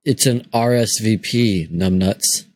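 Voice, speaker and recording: A man's voice: fairly low pitch, slow, a little mellow, dry recording. A young man hosting a podcast, joking and swearing through casual banter. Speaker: podcast host.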